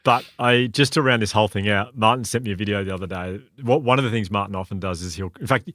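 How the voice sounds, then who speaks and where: A man's voice: on the low side, a bit bright. A man co-hosting a podcast in casual chat, enthusiastic, often restarting his sentences. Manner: quick, self-correcting, enthusiastic. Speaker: podcast co-host.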